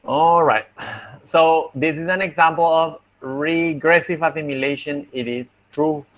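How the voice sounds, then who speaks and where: Male teacher, young, slightly high voice, slow, patient explainer; going over exam answers. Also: steady tone, a bit bright. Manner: patient, explanatory, thinks aloud. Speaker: linguistics teacher. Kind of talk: online class feedback lecture.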